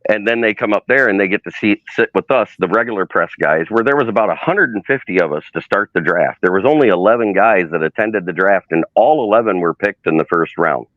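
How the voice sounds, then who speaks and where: A man chatting on a livestream as a sports media intern, telling lively stories and acting out the quotes. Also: lowish voice, quick pace, hardly any pauses, no room sound, narrow, tinny audio. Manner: animated storyteller, acts out quotes. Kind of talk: casual livestream storytelling.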